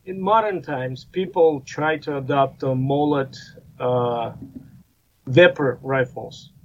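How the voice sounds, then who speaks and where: Speaking slowly at a medium pitch, a man appears as a guest firearms expert on a casual podcast. His talk wanders, packed with fillers and false starts, and the line sounds slightly muffled with faint background noise.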